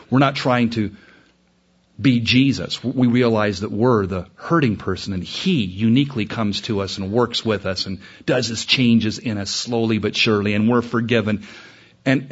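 A man preaching a sermon, telling a story in a lively way and climbing higher in pitch when he stresses a point. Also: lo-fi sound. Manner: animated, rising in pitch when emphatic. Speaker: pastor.

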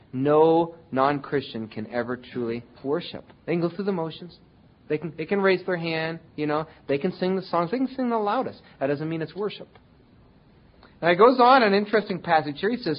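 A male pastor with a voice on the high side preaches conversationally to his congregation, slipping into whiny voices to act out quotes from complaining people. The recording has its highs cut off.

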